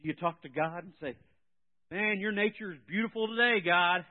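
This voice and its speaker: A man preaching a sermon in an animated way, swinging between soft and loud. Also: sits high, moderate pace. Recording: tinny phone-like sound.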